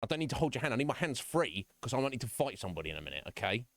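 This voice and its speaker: A man's voice: medium pitch, sing-song, very fast, gravelly, no room sound, clean studio sound. A man live-streaming from home, chatting casually with viewers in a frank, rambling way, often breaking into chuckles. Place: home room.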